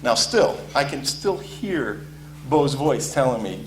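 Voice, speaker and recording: Guy spinning a football yarn, lots of ums, mid pitch, echoey room with a soft hum. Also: big pitch swings, takes it slowly. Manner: casual storytelling with frequent ums and uhs. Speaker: former college football player telling a story. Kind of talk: spoken anecdote to an audience.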